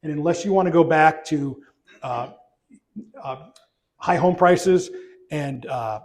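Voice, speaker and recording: A middle-aged man, a trade association chief, speaking at a luncheon in a relaxed conversational way with frequent restarts and fillers. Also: on the high side, slow. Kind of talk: luncheon speech. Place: banquet room.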